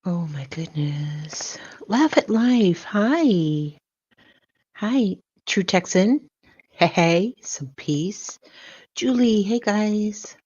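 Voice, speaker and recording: A woman's voice: medium pitch, lively intonation, extremely slow, mellow, breathy edge, dry recording. An older woman hosting a livestream, greeting viewers one by one and calling them sweetheart and baby. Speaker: livestream host. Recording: dull lo-fi sound.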